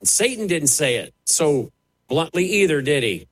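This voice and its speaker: Brief: male TV preacher, slightly higher voice, very animated swoops, emphatic sermon delivery. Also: moderate pace, breathy edge. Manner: emphatic, dramatic preaching with sharp rises and falls. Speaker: television preacher.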